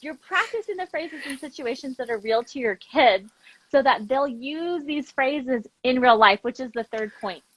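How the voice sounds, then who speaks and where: A woman founder of a language program, a guest telling stories in an animated, chatty way with lots of fillers. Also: sits high, low-quality recording. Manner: animated, quick storytelling with lots of "like". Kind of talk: casual interview chat.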